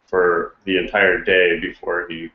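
A male host asks relaxed questions in a casual interview. His voice is very deep. The recording is roomy and dull. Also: a little slow. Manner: relaxed, asks questions, gives short backchannel replies.

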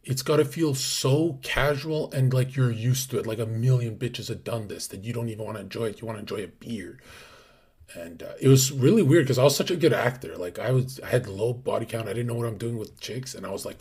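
A man hosting a livestream, talking in a brash, crude, casual way and sometimes dropping to a hushed whisper. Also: lowish voice, fairly quick, breathy edge. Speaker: streamer host.

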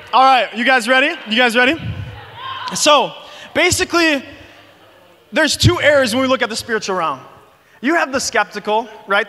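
A young man preaching to a youth group, telling stories in an animated way, full of "like" and "you guys". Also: very high voice, a little hiss or hum. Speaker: youth pastor. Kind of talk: youth sermon. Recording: long reverb of a big hall.

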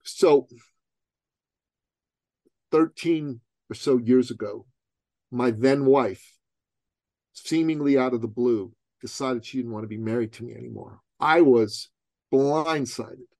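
A man's voice: medium pitch, slow, long pauses, darkish tone, no room sound. A middle-aged man from Iran, a guest telling a motivational story in conversation, emphatic and full of rhetorical questions. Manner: streetwise, calls the host "bro".

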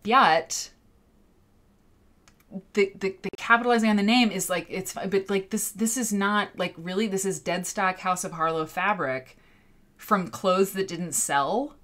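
A woman in her thirties hosting a quilt livestream, animated and exasperated, with sarcastic asides. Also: medium pitch, unhurried. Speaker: quilt show host. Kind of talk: livestream talk. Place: home studio with green screen.

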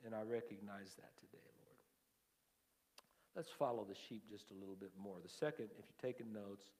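A male pastor preaching a sermon. His volume swings from hushed asides to loud, emphatic lines, and he often repeats and restarts his words. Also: mid-range voice. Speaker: lead pastor. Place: church sanctuary. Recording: long hall reverb.

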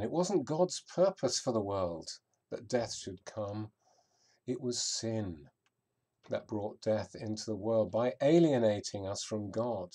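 Slow, mellow-voiced vicar preaching. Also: male voice, fairly low pitch, breathy edge. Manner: reflective, unhurried preaching with pauses and fillers. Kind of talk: sermon.

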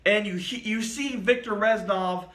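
A man rambles through a casual game review, swearing freely and circling back on himself. His voice sits high and sounds bright and sharp. The room around him is echoey. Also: unhurried. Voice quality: profane, rambling.

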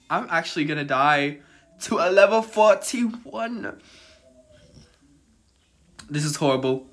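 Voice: medium pitch, lively intonation, slow pace, long pauses, a bit bright. A gamer giving let's-play commentary on a horror game, jittery and exclaiming in fright, dropping to whispers at tense moments.

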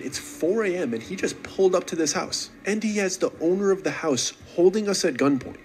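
A man's voice: medium pitch, breathy edge, rough recording. A man narrating a first-person horror story in a casual, conversational way.

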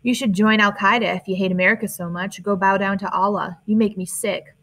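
A woman's voice: medium pitch, steady tone, a little fast, fairly bright tone, lightly acted. A woman reading the lines of a hostile, contemptuous teenage boy, in an audiobook. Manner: hissing, contemptuous.

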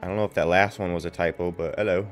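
A man with a fairly low voice gives loose, profane commentary while he plays a game, piling up fillers and swearing as he goes. Faint game music sits quietly behind him. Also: steady tone, fast. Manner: profane, rambling, lots of fillers. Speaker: game streamer. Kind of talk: casual gameplay commentary.

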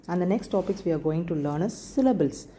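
A woman teaching an English lesson in an Indian English accent. She speaks slowly, repeats words and spells them out letter by letter. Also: lowish voice, expressive, warm tone, a little hiss or hum. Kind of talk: recorded classroom lesson.

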